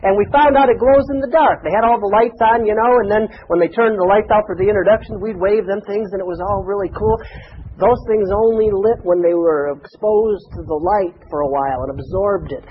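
A man's voice: sits high, fairly quick, narrow, tinny audio, slight background noise. A man preaching a sermon to a congregation in a folksy, conversational way, with chatty asides. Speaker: pastor.

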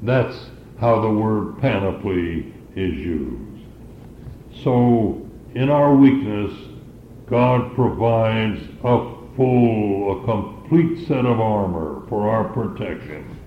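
Slow, deliberate preacher man. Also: lowish voice, lively intonation, echoey room, dull audio, slight background noise. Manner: slow, deliberate Bible teaching. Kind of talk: sermon.

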